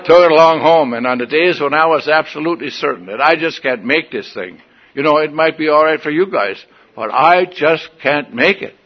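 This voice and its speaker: A man's voice: fairly high pitch, a little fast, dull audio, a little hiss or hum. An older man giving a folksy, wry personal testimony at a meeting, in front of an audience. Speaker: recovery meeting speaker.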